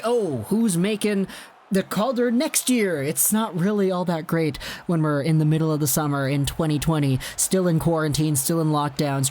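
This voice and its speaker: Young man, high voice, casual rambling commentary, faint hiss behind. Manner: chatty, rambling, lively. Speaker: hockey video host.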